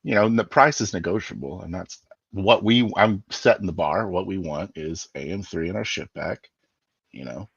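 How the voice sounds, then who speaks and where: A man's voice: low-pitched, moderate pace, vocal fry, slightly rough, no echo, lo-fi sound. A man playing his character in a tabletop game, persuasive and haggling, with fillers. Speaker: player. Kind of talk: in-character tabletop role-play.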